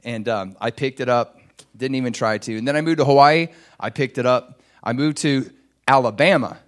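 Conversational pastor with a light Midwest accent. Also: male voice, mid-range voice, normal speed, a bit bright. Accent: slight Upper Midwest. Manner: conversational and self-deprecating, with laughs and restarts. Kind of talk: sermon.

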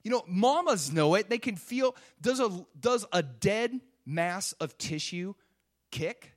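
A man's voice: high voice, expressive, slow pace. A man preaching a sermon, emphatic and full of rhetorical questions. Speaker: pastor.

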